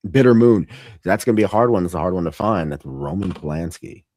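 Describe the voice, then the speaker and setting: A man's voice: sits low, expressive, fairly quick, a little mellow. A man hosting a casual chat about films, rambling, often laughing, trailing off and restarting. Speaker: host.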